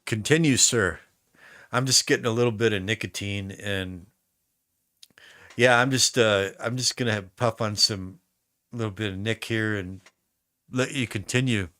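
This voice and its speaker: American guy rambling on his stream, bright voice, dry close sound. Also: fairly low pitch, moderate pace, long pauses, dry recording. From United States. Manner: rambling, chatty storytelling with many restarts. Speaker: musician streaming a recording session. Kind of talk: casual live-stream chat.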